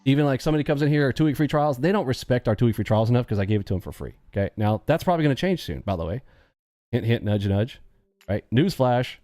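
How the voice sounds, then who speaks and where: A man hosting a live stream in casual chat, joking and animated, acting out quick bits of dialogue. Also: mid-range voice, dry recording, studio quality.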